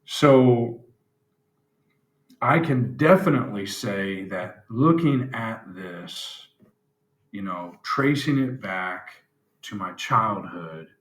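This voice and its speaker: A man talking candidly to camera in a personal video diary, halting and reflective, with frequent pauses and fillers. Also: on the low side, lively intonation. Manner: candid, plain-spoken. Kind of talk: personal confessional vlog. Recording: roomy echo.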